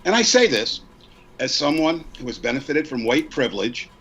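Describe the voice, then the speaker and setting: A man's voice: mid-range voice, big pitch swings, moderate pace, a bit bright, highs cut off. A man in his sixties, a podcast co-host, earnestly reading a prepared statement and repeating lines for emphasis. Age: 60s.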